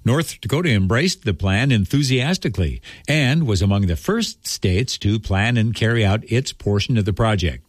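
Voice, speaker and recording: A man hosting a short radio history segment, reading a script in a measured, even way. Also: lowish voice, no room sound, studio quality.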